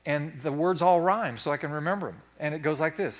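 A man's voice: on the high side, a little fast, few pauses. A middle-aged male pastor preaching a sermon in a folksy, self-deprecating way, acting out his own inner thoughts.

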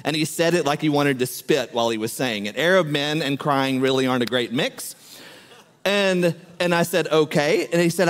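A man's voice: fairly high pitch, normal speed, big-room sound. A man preaching a sermon, telling a story and acting out what each person said. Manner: animated storyteller, acts out quoted speech.

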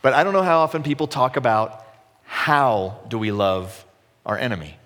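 Conversational pastor preaching in an echoey hall. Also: male voice, mid-range voice, lively intonation, moderate pace, a bit bright. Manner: conversational, self-deprecating humor. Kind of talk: sermon.

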